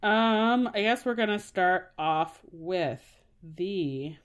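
A woman co-hosting a podcast in casual chat, animated, laughing and swearing freely. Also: on the low side, slow, smooth. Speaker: podcast co-host.

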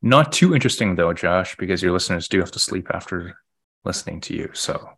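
Chill podcast cohost guy, low and gravelly, swings up and down a lot, teasing. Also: lively intonation, a little fast, fairly bright tone. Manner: laid-back, short backchannel replies and teasing. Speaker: podcast co-host. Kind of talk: casual podcast chat.

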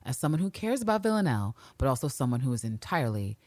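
A woman co-hosting a podcast, recapping a TV episode in casual, animated chat, swearing freely and acting out characters' lines. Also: extremely low pitch, fast, no room sound. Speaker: podcast co-host.

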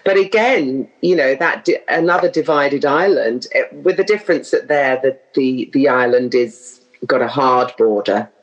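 Her voice is extremely low-pitched, moving at a moderate pace with few pauses on a lo-fi recording. This middle-aged Englishwoman from London chats casually as a guest, laughing a lot and wandering onto tangents.

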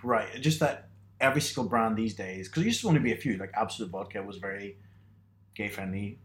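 A man's voice: on the low side, a little fast, slight background noise. A man from Northern Ireland in a casual podcast chat, telling stories with self-mocking humour and frequent laughs.

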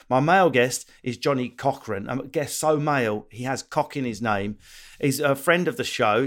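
Male comic host, sweary banter, mid-range voice. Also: medium pitch. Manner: quick, jokey, sweary banter. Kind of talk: comedic podcast chat.

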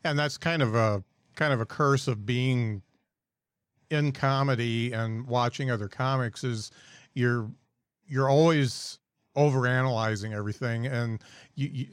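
A man's voice: medium pitch, no echo, studio quality. A man hosting a casual podcast chat, talking in a reflective way and searching for his words. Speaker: podcast host.

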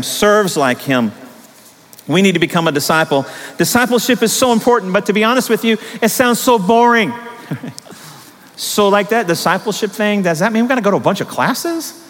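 High-voiced pastor preaching in a reverberant hall. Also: male voice, brisk. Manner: animated storytelling with rising emphatic peaks. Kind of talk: sermon. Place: church sanctuary.

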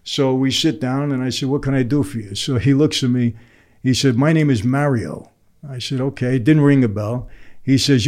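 A man's voice: mid-range voice, normal speed. An older man, a podcast guest telling a long story and acting out each person's lines. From New York. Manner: animated, acts out the other people's lines. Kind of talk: storytelling in conversation.

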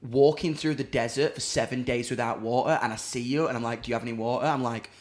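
A man's voice: medium pitch, fairly even intonation, fast. A young man with a British accent telling a funny anecdote in casual chat. He swears freely and acts out the other people's lines as he goes. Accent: British English.

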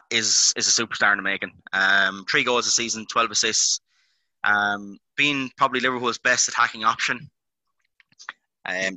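A man's voice: on the low side, sharp tone, no room sound, rough recording. An Irishman hosting a podcast, teasing his co-host in casual banter. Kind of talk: casual chat.

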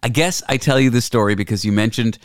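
A man hosting a casual podcast, telling stories in an animated, teasing way. His voice is smooth and resonant, recorded close and completely dry. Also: medium pitch, fast, dry recording. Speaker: host.

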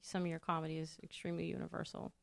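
A woman's voice: lowish voice, little pitch movement, very fast, gravelly, no room sound. A woman hosting a podcast interview, asking questions in a teasing, friendly way. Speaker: podcast host.

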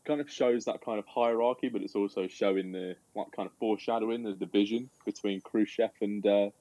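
A man's voice: fairly low pitch, steady tone, a little fast, mellow, no room sound, dull audio. A man on a film podcast panel, enthusiastic and repeating words as he searches for them. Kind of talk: casual chat about a film.

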